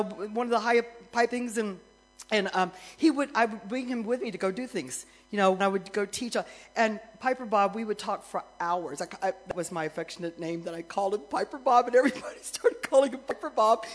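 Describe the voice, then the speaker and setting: A middle-aged woman worship minister telling a lively story as part of a sermon, getting more excited and louder as it goes. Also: fairly high pitch, poor audio. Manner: animated storyteller, grows excited and loud, laughs.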